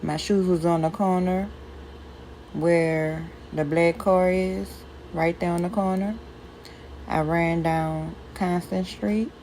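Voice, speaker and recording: A woman with a New Orleans accent calmly walking through a route step by step. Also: lowish voice, takes it slowly, a little hiss or hum, low-quality recording. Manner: plain, step-by-step describing. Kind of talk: slow route narration.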